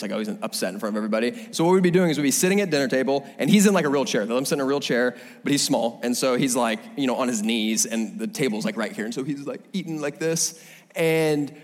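A man preaching a sermon in a casual, animated storytelling way, often restarting his phrases. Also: medium pitch, fast. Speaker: pastor. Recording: long hall reverb.

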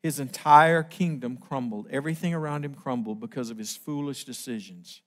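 A middle-aged man preaching a sermon, emphatic and slowing down on key phrases. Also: medium pitch, a bit bright.

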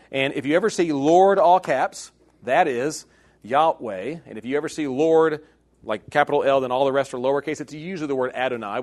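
A man teaching a Bible class in sermon style, animated and jokey, swinging between loud emphatic bursts and hushed asides. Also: mid-range voice.

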